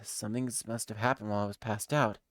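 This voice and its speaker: A woman's voice: rumbling low, fairly even intonation, fast talker, no echo, studio quality, voice pushed down. A woman voicing a flustered young male defense lawyer in a fan voice-over of a game, with sarcastic, exasperated asides. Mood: groggy.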